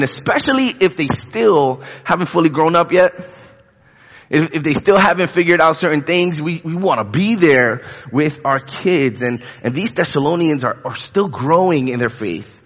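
A man's voice: on the high side, fairly bright tone. A man in his thirties preaching a casual, conversational sermon, talking in a chatty way with frequent fillers and repeated words. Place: church sanctuary. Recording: dull lo-fi with long hall reverb.

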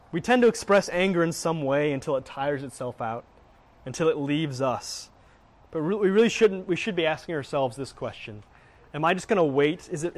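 Middle-aged male Bible teacher, earnest, slightly high voice, repeats words. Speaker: Christian teacher. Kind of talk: teaching talk on faith.

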